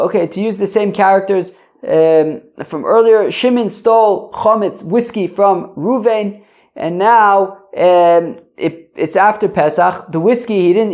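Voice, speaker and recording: A man's voice: sits high, vocal fry, darkish tone. A man hosting a podcast who reads Talmud passages aloud and explains them casually in English, often stumbling and repeating words as he searches for his phrasing. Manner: reads Aramaic lines then explains in loose, rambling English. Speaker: Talmud teacher and podcast host. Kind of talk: casual daily Talmud lesson. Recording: dull lo-fi podcast audio.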